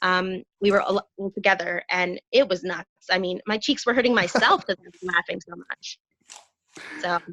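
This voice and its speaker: A woman's voice: on the low side, fairly even intonation, moderate pace, pushed and bright. A middle-aged woman chatting casually as an interview guest, telling a long joke with many fillers and restarts. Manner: jokey storyteller, lots of fillers and restarts. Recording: dull lo-fi call audio.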